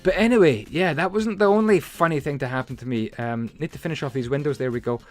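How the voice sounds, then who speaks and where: A man's voice: fairly high pitch, fast talker. A man hosting a casual game-building video, rambling chattily with plenty of fillers and asides as he tells stories. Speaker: Minecraft building channel host. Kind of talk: casual building commentary and storytelling.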